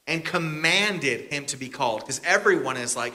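Bright-voiced male pastor telling a story. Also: on the high side, expressive, normal speed, hardly any pauses. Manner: casual, chatty, bantering with the congregation. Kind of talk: storytelling sermon.

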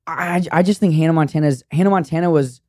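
A man's voice: a little high, quick pace, a little mellow, no room sound, clean studio sound. A young American man in his twenties co-hosting a podcast, talking in a rambling, self-correcting way and laughing often. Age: 20s. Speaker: podcast co-host. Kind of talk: casual chat.

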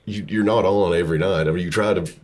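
A man who is a touring rock singer and guitarist, guest on a casual chat, telling relaxed anecdotes. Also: deep voice, fast talker.

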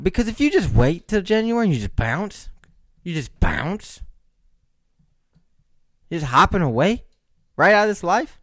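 Young male podcast host, lively rambling comic storyteller, slightly higher voice, dry close sound. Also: normal speed, long pauses, no echo. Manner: rambling storyteller with joking asides to listeners. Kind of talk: casual comedic podcast monologue.

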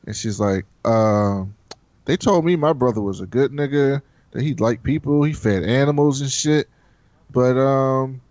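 A man's voice: medium pitch, a little slow, dry recording. A man talking casually with a friend, telling a long story and jumping into voices for each person in it. The sound is dry and close, with a slightly dull, lo-fi quality. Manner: animated storyteller acting out characters' lines. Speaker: podcast co-host recapping a TV episode. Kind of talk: casual chat.

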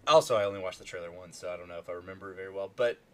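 A man's voice: sits low, racing. A young man chatting casually about a movie, rambling with lots of fillers and restarts.

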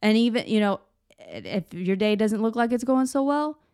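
A woman's voice: a little high, lively intonation, moderate pace, darkish tone, clear, resonant tone, no echo, studio quality. A young woman hosting a casual faith podcast. She rambles a little, repeats her words, and fills her talk with "like" and "you know.". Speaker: podcast host.

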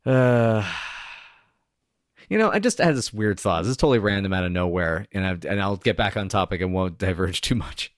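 A man's voice: sits low, expressive, a little fast, no echo. Rambling man podcast co-host, dry sound. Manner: rambling, goofy, self-interrupting. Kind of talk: casual podcast chat.

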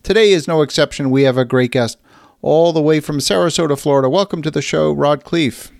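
A man hosting a podcast interview, speaking in a measured, affirming way. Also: on the high side, gravelly, darkish tone, dry recording, studio quality. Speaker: podcast host.

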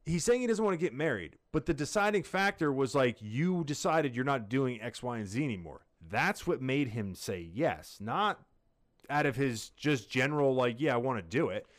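A man co-hosting a casual podcast, rambling through deadpan jokes. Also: medium pitch, moderate pace. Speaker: podcast co-host.

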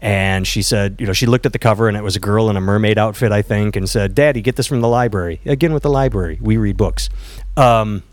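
A man's voice: fairly low pitch, fairly quick, dry recording. A man co-hosting a podcast in casual chat, candid and profane, telling stories with acted quotes. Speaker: podcast co-host.

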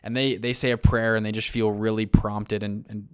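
A man telling a story in a casual interview, lively, with lots of fillers and restarts and acted-out quotes. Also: fairly low pitch, normal speed, clean tone. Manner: animated, many fillers and restarts, acts out quotes. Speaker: guest recounting a search-and-rescue story.

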